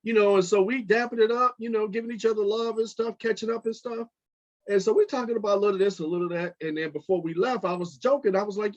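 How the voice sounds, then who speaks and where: A middle-aged man hosting his podcast, telling a personal story in a casual, animated way with lots of fillers. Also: high voice, fairly quick. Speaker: podcast host. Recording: dull lo-fi podcast audio.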